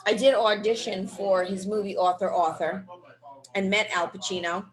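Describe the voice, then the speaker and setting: A woman co-hosting a casual interview at a restaurant, playful and quick to joke. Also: mid-range voice, fairly even intonation, poor audio. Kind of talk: casual chat.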